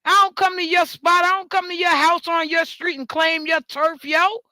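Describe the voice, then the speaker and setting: A woman rants straight into the mic in a high, bright voice. She swears freely and repeats words for emphasis, and the dry recording has no room sound. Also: steady tone, moderate pace, hardly any pauses, no room sound. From New York. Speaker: talk show host. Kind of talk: ranting monologue.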